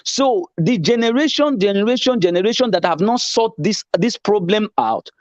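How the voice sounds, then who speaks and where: Insistent high-voiced man debating. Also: animated, normal speed, a little mellow, no room sound. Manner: insistent, lecturing, repeats himself. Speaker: debater in a political argument. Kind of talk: heated casual debate. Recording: dull lo-fi sound.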